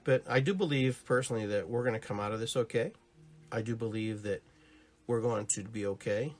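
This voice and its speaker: A man's voice: on the low side, steady tone, fairly quick, darkish tone, soft background music. A man hosting a live-streamed podcast, chatting casually and rambling, who greets his viewers and acts out little stories. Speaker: podcast host.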